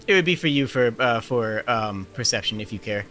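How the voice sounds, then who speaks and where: A man running a tabletop game as game master, narrating in a halting way with many fillers and restarts. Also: medium pitch, lively intonation, pushed and bright, faint music behind.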